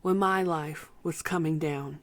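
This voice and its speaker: Slow, heartfelt woman near tears. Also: low voice, fairly even intonation, dry recording. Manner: heartfelt, slow, trailing into soft whispers. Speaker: album reviewer. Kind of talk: emotional personal vlog talk.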